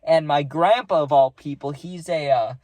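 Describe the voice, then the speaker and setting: A man's voice: fairly high pitch, normal speed, darkish tone, no room sound. A young man casually telling a rambling story, full of fillers, acting out what he saw. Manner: rambling, filler-heavy, acts out the scene.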